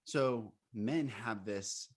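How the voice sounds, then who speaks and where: A man's voice: on the low side, extremely slow, slightly rough. Earnest man coaching over a call. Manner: earnest, emphatic, laughs while explaining. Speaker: coach and retreat leader. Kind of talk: interview conversation.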